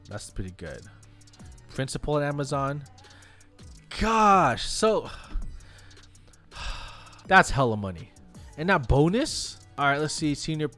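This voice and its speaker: Medium in pitch, this young man streams live as a web developer, getting excited over salary numbers and chatting with his viewers.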